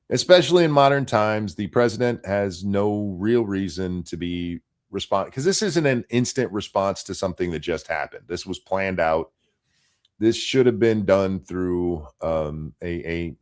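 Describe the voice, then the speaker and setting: Man, lowish voice, political chat show co-host, blunt, profane, ranting, frequent restarts. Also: a little mellow.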